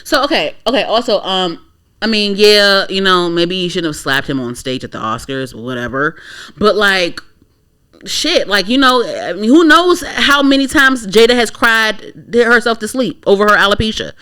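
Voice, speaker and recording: With a sharp-toned, medium-pitched voice and lively intonation at normal speed, a young DC-area woman co-hosts a podcast. Her talk is a casual, ranting opinion chat, blunt and full of profanity.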